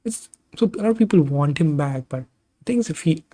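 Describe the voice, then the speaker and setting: This gaming channel host's voice sits on the high side, expressive and mellow, at a moderate pace. He commentates simulated video game wrestling bouts in a relaxed way, wandering off into tangents and bits about himself between the action.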